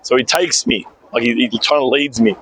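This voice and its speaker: A man's voice: mid-range voice, moderate pace, fairly bright tone, husky. Australian man with a scratchy throat. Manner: rambling anecdote with frequent "right?" tags. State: throat trouble, clearing throat and coughing. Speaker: vlogger. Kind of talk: casual storytelling vlog.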